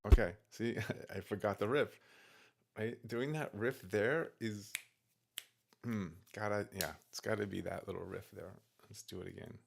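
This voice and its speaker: Brief: male singer-songwriter coaching himself, slow-spoken and self-critical, studio mic, guitar behind. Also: fairly low pitch, fairly even intonation, vocal fry. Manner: self-critical, talks himself through takes in soft asides. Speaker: singer-songwriter teaching vocal practice. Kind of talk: casual talk-through of his own practice session. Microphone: studio microphone. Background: guitar playing.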